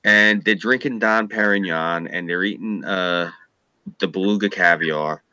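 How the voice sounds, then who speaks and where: A fairly low-pitched man rants in casual political chat, swearing freely and slipping into mocking impressions of people he dislikes. His voice is bright and forceful, and it is recorded close and dry with no room sound. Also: unhurried, no room sound. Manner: profane, ranting, mocking impressions. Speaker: podcast co-host, former journalist.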